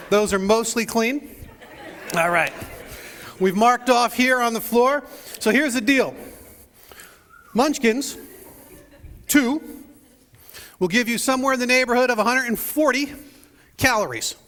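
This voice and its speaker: A male pastor opens his sermon in a large church hall, joking and chatting with the congregation while some chatter goes on behind. His very high, slightly bright voice runs a little slow, with frequent pauses.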